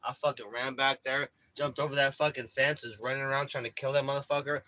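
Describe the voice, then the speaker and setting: A man's voice: medium pitch, flat delivery, fast talker, pushed and bright, poor audio. A young man casually telling a rambling story full of swearing, often saying bro. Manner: profane, rambling, says bro a lot. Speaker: vlogger.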